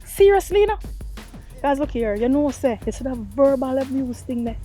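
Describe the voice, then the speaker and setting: A woman's voice: high-pitched, lively intonation, moderate pace, dark tone, faint music behind. A woman with a Jamaican accent playing a big sister who lectures her brother on abuse, talking in emphatic, preachy patois. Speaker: big sister giving advice. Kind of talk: Jamaican comedy-drama skit.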